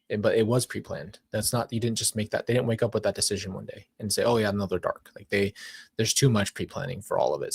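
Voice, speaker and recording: A man with a slightly low voice talks through his reactions on a live stream. He rambles and circles back on his words. His tone is emotional and searching. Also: slightly rough, no echo. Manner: emotional, rambling, repeats himself. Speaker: commentary streamer. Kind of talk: casual live reaction commentary.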